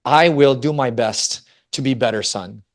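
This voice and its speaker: This family ministry speaker is a man from the Philippines in his forties, recounting a personal story at a Christian family talk. He speaks at a medium pitch, a little slowly, yet stays animated and lively while frequently questioning his listeners.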